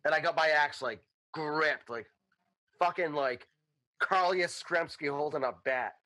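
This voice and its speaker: A man playing a tabletop game, joking loudly and animatedly with the table. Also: fairly high pitch, a little slow. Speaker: player. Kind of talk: casual tabletop game chat.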